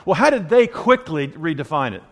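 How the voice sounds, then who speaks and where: A man's voice: fairly high pitch, big pitch swings, a little fast. Man preaching in an echoing hall. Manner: conversational preaching, rhetorical questions, wide swings from loud to hushed. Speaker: pastor. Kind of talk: sermon.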